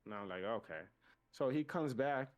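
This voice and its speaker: A man's voice: mid-range voice, expressive, moderate pace. A man with a non-native accent, co-hosting a podcast and telling a casual story animatedly, acting out both sides of a conversation. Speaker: podcast co-host.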